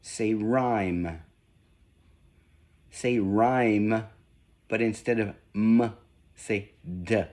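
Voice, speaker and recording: A man slowly giving spoken sound-swap drills, one deliberate prompt at a time. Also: fairly low pitch, fairly even intonation, darkish tone. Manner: slow, deliberate, evenly paced prompts. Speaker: reading test examiner. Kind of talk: slow scripted phoneme drill.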